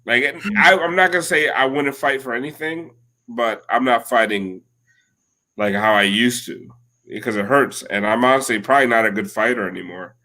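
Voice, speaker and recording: A man in his thirties co-hosts a podcast, chatting casually in a mid-range voice at a normal pace. His tone is bright and forceful as he rambles through stories, swearing and leaning hard on the filler word "like."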